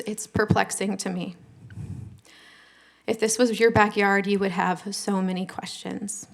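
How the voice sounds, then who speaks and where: Woman chewing out the council at the podium, blunt and fed up, middle-pitched voice. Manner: blunt, exasperated, confrontational. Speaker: public commenter at city council. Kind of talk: public comment speech.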